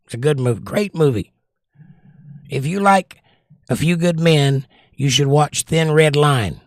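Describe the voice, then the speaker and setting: A Southern American man hosts a livestream, speaking a little slowly in a slightly high voice as he reads viewer comments aloud. He's chatty and casual, with firmly opinionated movie recommendations, and the studio-quality recording has no room sound.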